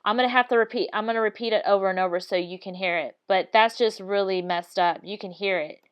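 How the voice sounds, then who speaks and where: A woman's voice: medium pitch, quick pace, highs cut off, very noisy. A woman giving casual commentary over video clips, talking insistently, repeating her points and restarting mid-sentence. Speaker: video analysis vlogger.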